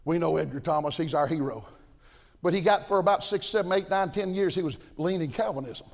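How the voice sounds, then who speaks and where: Older guy preaching hard, voice sits high, big hall echo trailing off. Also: brisk, vocal fry. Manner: impassioned, folksy, swings between shouting and low asides. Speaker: pastor. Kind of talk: fiery sermon. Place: large church auditorium at a conference. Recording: long reverb of a big hall.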